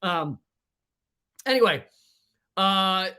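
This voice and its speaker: A man hosting his own livestream, ranting in a casual, profane and joking way from a warm room with no fan running. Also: high-pitched, animated, drawn-out words, smooth. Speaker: livestream host. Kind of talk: casual political livestream rant. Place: hot room without a fan.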